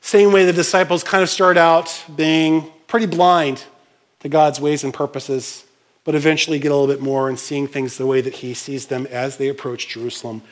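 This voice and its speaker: A man preaching a sermon as pastor, animated and conversational, acting out scenes and speaking to the congregation with frequent asides. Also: fairly high pitch, moderate pace. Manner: animated, uses props and acts out scenes.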